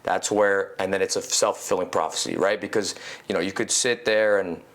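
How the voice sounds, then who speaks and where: A man talking as a podcast guest in casual conversation, animated and swearing casually, peppering his talk with "you know". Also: low-pitched, fairly quick. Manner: animated, acts out quoted inner voices.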